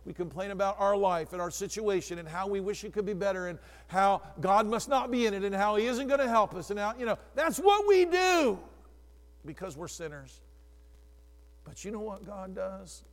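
Male preacher, high-pitched, dramatic, moves from near-whisper to shouting, long room reverb. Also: fairly quick. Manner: addresses congregants by name, swings from hushed to shouting. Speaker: pastor. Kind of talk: sermon.

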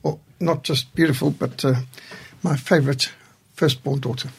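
A man's voice: a little high, fairly even intonation, moderate pace, gravelly, a little hiss or hum. A man in his sixties, a studio guest, telling stories in a reflective conversation and chuckling through his anecdotes.

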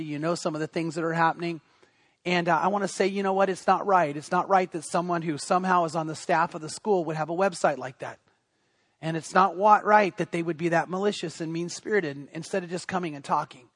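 A middle-aged male pastor with a high voice preaches a sermon and tells stories like he is chatting. He often stumbles and restarts his sentences. The sound is dry and close. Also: fairly bright tone, no echo. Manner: storytelling, conversational with frequent restarts.

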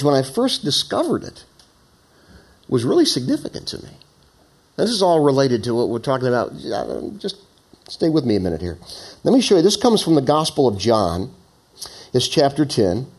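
A middle-aged man preaches, moving between stories and scripture. He drops to a hushed, low voice, then climbs high and loud to press a point home. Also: sing-song, a little slow, pauses often, husky. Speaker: pastor. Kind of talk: sermon.

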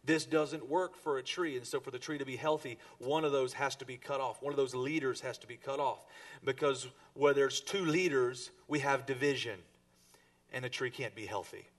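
Pastor, male, mid pitch, preaching to a congregation with emphatic rises, heard at a distance from the mic. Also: normal speed. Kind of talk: sermon.

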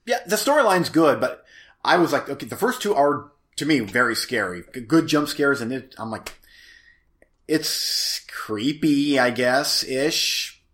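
A podcast co-host rambles through a casual movie review chat, hesitating and restarting as he sums up plots and shares opinions. His mid-range voice is animated, fairly quick, and fairly bright.

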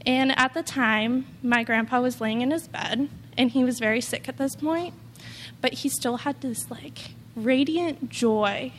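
A woman's voice: high voice, a little slow, big-room sound, a little hiss or hum. A woman giving an earnest, rambling personal testimony, full of "like" and quoted asides. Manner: earnest, rambling, heavy use of "like". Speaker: testimony speaker.

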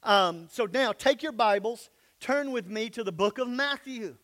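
A man's voice: very high-pitched, animated, measured pace, fairly bright tone. A man preaching a sermon, reading scripture aloud and then explaining it in a folksy, plain-spoken way. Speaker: pastor.

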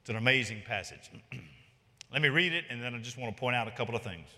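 Forceful preaching man in a big hall. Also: fast. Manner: emphatic, animated preaching that rises in pitch on key points. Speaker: pastor. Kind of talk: expository sermon. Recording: long reverb of a large hall.

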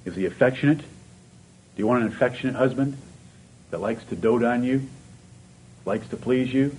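A man's voice: medium pitch, normal speed, darkish tone, a little hiss or hum, poor audio. A man preaching a sermon, asking the congregation question after question and rising to fervent emphasis.

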